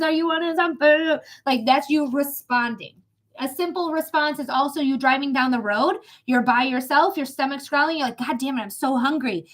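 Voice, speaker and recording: A woman hosting a live psychic reading stream, giving chatty, emphatic advice with quick asides. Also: sits high, a bit bright. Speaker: psychic reader and livestream host.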